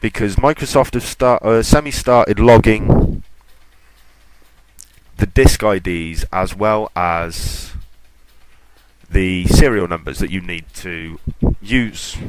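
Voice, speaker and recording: Rambling man, loud noise behind. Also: low voice, unhurried. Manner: ranting, self-mocking, off-topic. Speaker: podcast host. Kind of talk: casual rambling chat.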